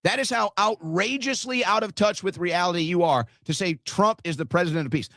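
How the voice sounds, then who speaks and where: A man's voice: high voice, fairly quick, a bit bright, dry recording, studio quality. A man hosting a show, commenting on news clips in a sarcastic, incredulous way. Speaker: show host.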